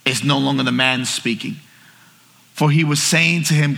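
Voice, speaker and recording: A man preaching a sermon to his church, swinging from shouted lines to hushed ones. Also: medium pitch, normal speed, vocal fry, in a large hall. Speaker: pastor. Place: church hall with congregation.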